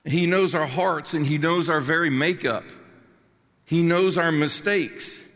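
A man's voice: a little high, a little slow, a bit bright. An older man, preaching a sermon with passion and emphasis and often restarting his words. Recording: long reverb of a large hall.

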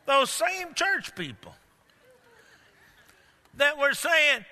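Older preacher in a reverberant hall. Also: male voice, big pitch swings, slow, long pauses. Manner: preaching, swings from loud outbursts to low hushed lines. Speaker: pastor. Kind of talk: sermon. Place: large church hall.

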